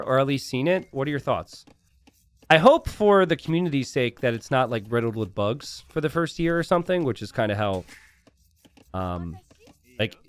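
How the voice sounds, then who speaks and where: Lively, animated male game caster. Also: mid-range voice. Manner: excitable, bursts into shouts and laughter at big plays; chatty, relaxed asides with fillers. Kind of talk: casual strategy game commentary.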